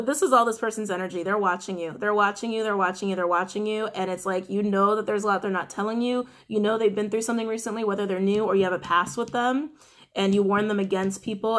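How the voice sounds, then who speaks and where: A woman giving a casual tarot reading, musing aloud and repeating her phrases. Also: mid-range voice. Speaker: tarot reader.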